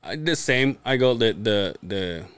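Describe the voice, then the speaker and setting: A man's voice: on the low side, animated, a little slow, fairly bright tone, clear, resonant tone, no room sound. A man co-hosting a casual podcast, telling rambling profane stories about his job and acting out what people said. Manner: rambling anecdotes, acts out quoted dialogue, profane. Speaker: podcast co-host. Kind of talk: casual storytelling chat.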